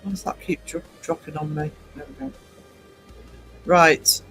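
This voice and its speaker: A man's voice: fairly high pitch, expressive, a little slow, bright, forceful tone, soft background music, low-quality recording. A man hosting a casual livestream chat, rambling between topics, chuckling often and reading viewers' comments aloud. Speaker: livestream host.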